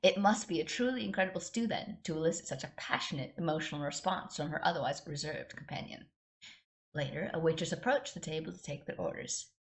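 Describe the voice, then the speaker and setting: A woman's voice: low voice, quick pace. A woman hosting a podcast, reading fan fiction aloud casually, with chatty asides and little giggles. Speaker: podcast host.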